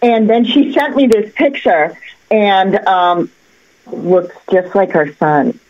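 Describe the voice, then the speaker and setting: Psychic woman guest, mid-pitch, chatty storyteller, slightly dull lo-fi studio sound. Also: slow pace. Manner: chatty, animated, many fillers and restarts. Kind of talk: casual storytelling on a talk show. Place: local access TV studio.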